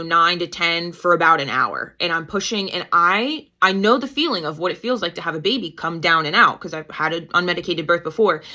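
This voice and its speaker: A woman in her thirties, a midwife guest telling her story in a casual, animated way and acting out her own past lines. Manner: animated, quotes herself with pitch jumps. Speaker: guest, certified nurse-midwife and mother.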